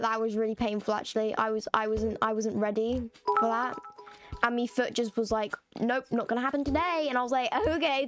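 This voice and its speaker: A woman chatting casually and rambling while she streams a game. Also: a little high. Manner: chatty, rambling, self-mocking.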